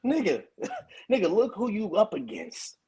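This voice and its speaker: A man's voice: high-pitched, huge pitch swings, a little slow, heavy background noise. A man guest delivering taunting, threatening wrestling-style trash talk.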